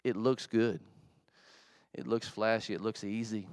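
A man preaching a sermon in a church, telling a story in a conversational, animated way with asides to the congregation. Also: fairly low pitch, measured pace, dry recording, studio quality. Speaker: pastor.

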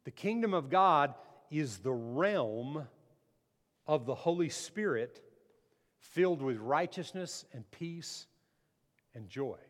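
A pastor preaching a sermon, emphatic and repeating phrases, calling the congregation to answer amen. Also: male voice, on the high side, lively intonation, slow pace, long pauses. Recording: long hall reverb.

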